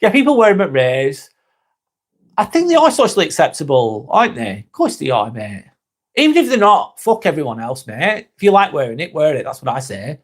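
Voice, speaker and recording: A man in his forties hosts a live stream with a fairly high voice for a man. He answers viewers' comments in a relaxed, easygoing way, swears freely and calls people mate. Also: fairly quick. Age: 40s.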